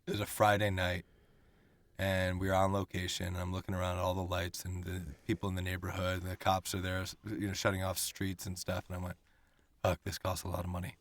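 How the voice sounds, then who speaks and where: A man, a guest actor, telling stories in casual chat, animated and profane, acting out the voices of people he quotes. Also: low voice, fairly quick. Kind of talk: casual storytelling.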